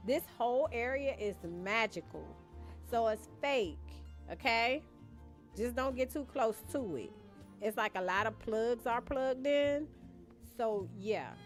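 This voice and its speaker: A young woman, chatting casually with her live-stream viewers while she plays and thinks aloud. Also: on the high side. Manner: chatty, muses aloud, addresses chat as y'all. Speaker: gaming streamer. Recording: faint background game music.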